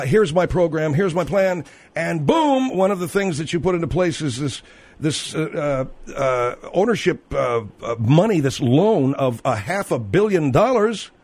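A man's voice: fairly high pitch, darkish tone, no room sound. A man hosting a talk radio show, speaking in an emphatic, exasperated way to a caller. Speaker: radio host.

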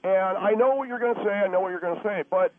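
Guy doing a rambly caller guy, stammers a lot, highish voice, tinny phone line. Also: fast talker, dry recording, natural voice. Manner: stammering, repeats himself. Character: rambling male caller, eager and muddled.

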